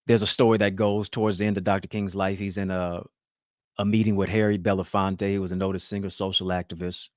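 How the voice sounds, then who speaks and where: A man's voice: low-pitched, level tone, a little fast, no room sound, clean studio sound. A man hosting a talk show, giving emphatic, preacher-like motivational commentary.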